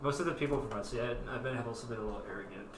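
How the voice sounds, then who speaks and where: A man's voice: mid-range voice, very fast. A man in his twenties leading a casual chat among friends, with a wry, teasing way of talking. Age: 20s. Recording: roomy sound from far off with steady noise.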